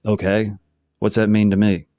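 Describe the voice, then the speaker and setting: A man's voice: fairly low pitch, normal speed, dry recording, studio quality, natural voice. A man reading a novel aloud, voicing a blunt, indifferent petty criminal in his fifties. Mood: dismissive. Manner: flat, dismissive.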